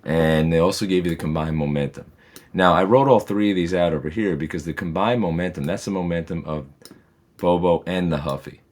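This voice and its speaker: A man's voice: low-pitched, brisk, darkish tone. A man, a physics teacher, patiently and methodically walks through homework problems in a recorded lesson, with reassuring asides.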